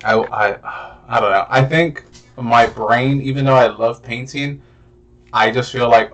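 A man's voice: mid-range voice, unhurried, a bit bright, soft background music. A young man co-hosting a podcast, chatting casually with a rambling, profane manner and plenty of fillers. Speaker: podcast co-host. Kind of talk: casual chat.

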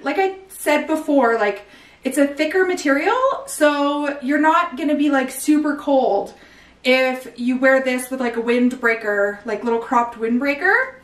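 A woman's voice: high-pitched, a bit bright. A woman doing a casual clothing try-on haul, chatty and bubbly, full of slang and filler words. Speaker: clothing store owner showing new stock. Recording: echoey room, some distance from mic.

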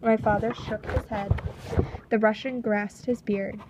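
A woman reading a storybook chapter aloud in a measured, steady narration. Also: medium pitch, slightly rough. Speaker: audiobook reader.

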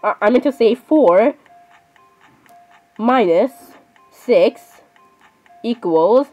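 A woman giving casual, excitable commentary while playing a game, apologizing constantly and talking to herself. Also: on the high side, extremely slow, dull audio, soft background music. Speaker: gamer.

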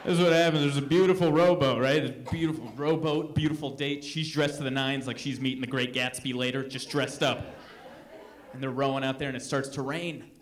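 A young man doing a live stand-up set, telling stories with animated sarcasm. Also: mid-range voice, fairly quick. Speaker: stand-up comedian. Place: comedy club stage. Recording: noisy live comedy club.

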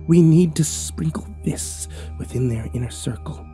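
A secretive spellcaster woman, as a man puts her on, talking in a hushed, slow, deliberate voice pitched above his own. She sounds urgent and quiet. Soft music plays under this horror reading. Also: close to an everyday voice. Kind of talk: horror story narration.

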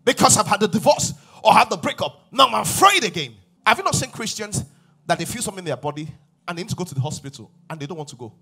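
A man preaching a sermon as pastor, swinging from loud exhortation to hushed asides. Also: high voice, very animated, quick pace, slightly rough, faint music behind.

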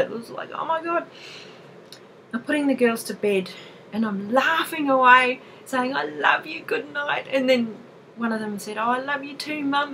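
A woman in her thirties telling a personal story to camera in a casual, expressive way, laughing often. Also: medium pitch, slight background noise, poor audio. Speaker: vlogger sharing a personal experience.

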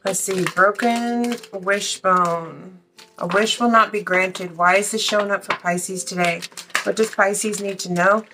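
A woman's voice: mid-range voice, fairly even intonation, a little slow, noisy background. A woman doing a casual tarot reading, chatty and blunt, swearing freely and a little out of breath. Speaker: tarot reader.

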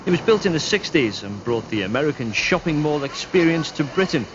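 A man reporting and narrating a television news special in a measured, scripted way. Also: a little high, noisy background. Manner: measured, even reporting delivery. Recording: dull late-1990s TV broadcast audio.

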